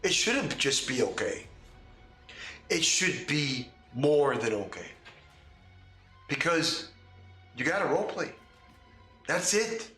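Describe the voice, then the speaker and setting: Male host and game master, bright, emphatic, repetitive, echoey room. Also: on the high side, big pitch swings, slow pace, pauses often, soft background music. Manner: emphatic, repetitive, rhetorical questions. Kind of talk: casual opinion talk.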